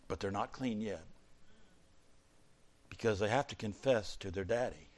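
A man preaching a sermon, swinging between loud fervent peaks and quiet low asides. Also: slow pace, pauses often.

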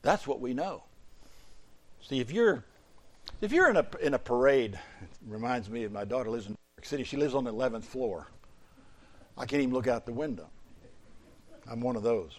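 A middle-aged man preaching a sermon, a pastor whose voice climbs to emphatic peaks and then falls low and quiet. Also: animated, fairly quick, pauses often. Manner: preaching with sudden surges in pitch and loudness, then dropping low.

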